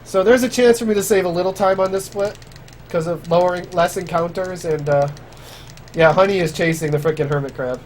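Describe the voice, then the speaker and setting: A man's voice: high-pitched, brisk, darkish tone, a little hiss or hum. A man giving casual live commentary on his speedrun, chatty and grumbling about mistakes. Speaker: speedrunner streamer.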